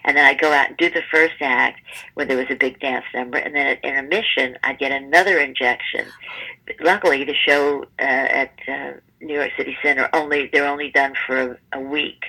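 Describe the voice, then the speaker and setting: Woman, seventies, interview guest, bright forceful voice, lively storyteller. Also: extremely low pitch, fairly quick, breathy edge, poor audio. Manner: lively, acts out the people in her stories. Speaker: guest, stage performer. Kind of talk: conversational storytelling.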